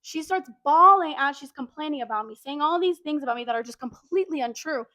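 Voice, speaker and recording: A young woman telling a workplace story in casual, animated chat, full of fillers like "like". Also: high voice, quick pace, a crowd in the background. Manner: animated, chatty, lots of "like". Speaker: podcast co-host.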